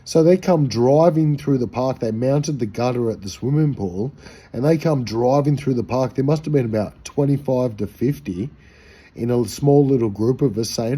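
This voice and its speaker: A man's voice: mid-range voice, normal speed, warm tone, slightly rough. An Australian man telling a rambling, slangy, profane anecdote in a casual way. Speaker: storyteller.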